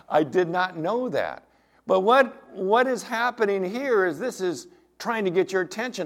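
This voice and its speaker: A man's voice: high-pitched, big pitch swings, measured pace. Earnest middle-aged male pastor preaching. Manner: earnest, emphatic preaching with anecdotes. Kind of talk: sermon.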